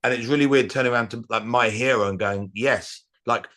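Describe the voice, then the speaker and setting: A middle-aged comedian telling rambling anecdotes in a casual interview, with restarts and acted-out quotes. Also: male voice, medium pitch, a little fast, fairly bright tone. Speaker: comedian guest.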